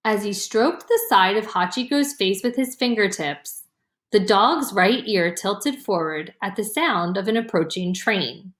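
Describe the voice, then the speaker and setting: A woman reading a children's chapter book aloud in a gentle, expressive storytelling voice. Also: mid-range voice, a little slow. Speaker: audiobook reader. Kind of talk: slow storybook narration. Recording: roomy echo.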